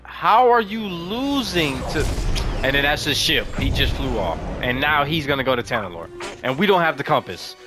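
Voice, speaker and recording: Excitable young man narrating gameplay. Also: fairly high pitch, moderate pace, music in the background. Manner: excitable, swings between frustration and amazement. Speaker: gaming commentator. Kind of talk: live gameplay commentary.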